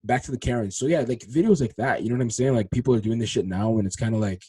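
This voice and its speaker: Fast-talking young man on a dry mic. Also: slightly rough, dry recording. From Congolese heritage. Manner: rambling and animated, slangy, swings from low mutters to loud excited outbursts. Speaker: podcast host. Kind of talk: casual solo podcast storytelling.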